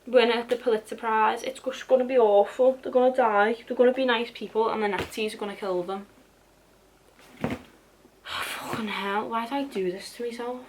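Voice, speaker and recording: A woman's voice: fairly high pitch, fairly even intonation, brisk, few pauses, background noise. Chatty young woman book vlogger. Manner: chatty, swears casually, dramatic asides. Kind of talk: casual chat.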